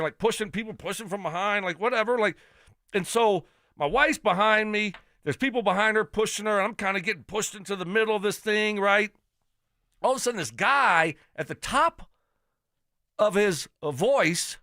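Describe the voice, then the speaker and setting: A man hosting a sports radio show, telling a story in an animated, exasperated rant. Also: high voice, dry recording, studio quality. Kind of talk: casual radio chat.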